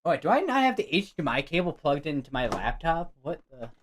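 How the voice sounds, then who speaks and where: With big pitch swings and a quick pace, a young American man's slightly high, bright voice carries a casual weather livestream from his green-screen room. There's slight background noise as he rambles chattily and corrects himself.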